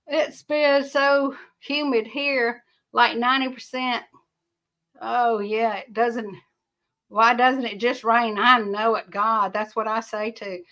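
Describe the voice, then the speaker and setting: A woman's voice: on the high side, steady tone, slow pace, fairly bright tone. An older woman, hosting a rambling livestream, chatting casually and answering viewer comments in a folksy way. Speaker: livestream host.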